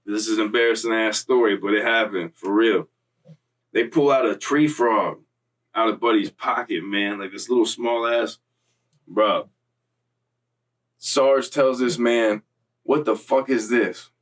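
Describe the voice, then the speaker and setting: A man's voice: fairly low pitch, measured pace, long pauses, fairly bright tone, far from the mic, poor audio. A young man casually telling a story in streetwise slang, profane, loose and rambling, recorded slightly off-mic.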